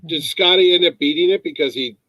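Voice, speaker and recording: A man's voice: on the high side, fast talker, pushed and bright, dry recording, rough recording. A man co-hosting a podcast in casual, teasing chat. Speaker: podcast co-host.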